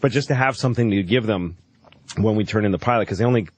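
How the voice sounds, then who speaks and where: A man's voice: on the low side, quick pace, no room sound. A middle-aged man, a comedian, telling profane stories on a casual radio talk show and laughing often.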